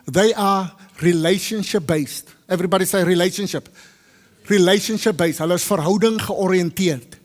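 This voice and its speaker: A man preaching to a congregation, lively and teasing, switching between English and Afrikaans and quizzing his listeners. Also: high-pitched. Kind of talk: teaching sermon to a congregation. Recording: long hall reverb.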